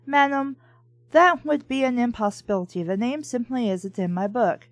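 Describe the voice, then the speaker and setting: A woman's voice: fairly high pitch, normal speed, dry recording, close to an everyday voice. A haughty restaurant host with a phony French accent looks down his nose at a guest, as a woman reading aloud puts him on. His manner is condescending and a little too formal. The recording is dry and close. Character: snooty male maître d' faking a French accent.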